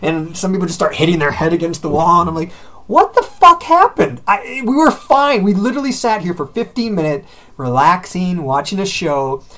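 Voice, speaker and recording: A man in his thirties chatting casually as a co-host, swearing often and telling exasperated stories. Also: sits high. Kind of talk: casual chat.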